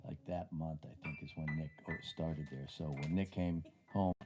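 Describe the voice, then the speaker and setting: An older man hosting a live stream, chatting casually and reminiscing in a rambling way with frequent pauses. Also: very deep voice, fairly even intonation, music in the background. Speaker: host and bassist. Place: home music room.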